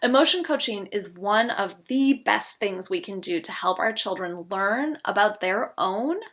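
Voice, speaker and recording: A middle-aged woman, a parenting educator, giving a gentle instructional talk and acting out what a parent might say to a child. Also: medium pitch, lively intonation, unhurried.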